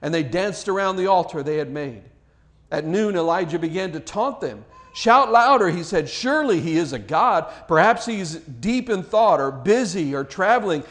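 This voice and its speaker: A man's voice: a little high, animated, normal speed. A male pastor reading scripture, praying and preaching an earnest sermon, lifting his voice on quoted cries and repeating words as he speaks freely.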